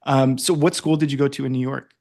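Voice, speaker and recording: A man's voice: medium pitch, fairly even intonation, quick pace, creaky, darkish tone. Chatty man from Canada hosting. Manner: upbeat, chatty, with filler restarts. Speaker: podcast host. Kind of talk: casual interview chat.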